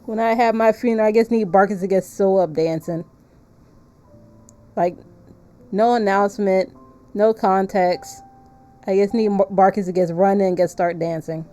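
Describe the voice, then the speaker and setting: A woman streamer chats playfully with her viewers and laughs often, her mellow, warm voice sitting at a middle pitch. Faint game music plays behind her. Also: steady tone, normal speed, pauses often. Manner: playful and chatty, laughs often, reads narration in a lowered soft voice. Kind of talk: casual live-stream chat and reading game text.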